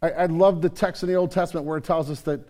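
Pastor, male, slightly higher voice, preaches in a church and swings from quiet intimacy to loud, pressing questions. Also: fairly even intonation, quick pace. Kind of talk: sermon.

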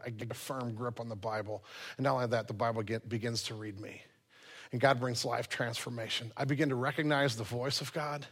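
A man's voice: mid-range voice, a bit bright. A man preaching a sermon as pastor, earnest and repeating key phrases for emphasis.

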